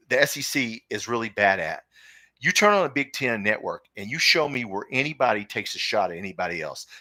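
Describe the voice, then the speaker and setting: A man talks casually on a live sports stream, opinionated and rambling, and reads viewer comments as he goes. His voice is low-pitched but bright and forceful. The sound is dry and close to the mic. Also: no room sound. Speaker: podcast host.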